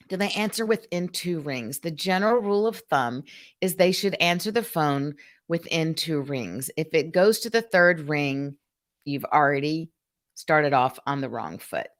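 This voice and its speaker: Older woman hosting a lively live talk. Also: fairly low pitch. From Columbus, Georgia. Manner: demonstrative, acts out phone greetings, reads viewer comments. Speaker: host of a live customer experience show. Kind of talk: live-stream talk to viewers.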